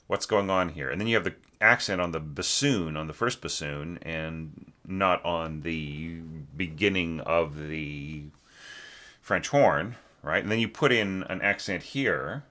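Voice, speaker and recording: A man with a very low voice and a bright, forceful tone gives a critique of a student's orchestral score. His delivery is loose and conversational, full of restarts and tag questions like "right?". He sometimes hums a short melodic line to show what he means. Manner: rambling and conversational, keeps asking "right?". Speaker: orchestration teacher.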